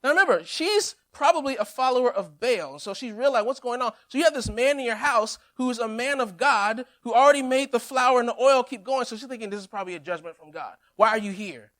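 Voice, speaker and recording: Man preaching a lively, humorous sermon. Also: very high voice, fast talker, few pauses. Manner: lively storytelling with humor and acted-out quotes. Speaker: pastor.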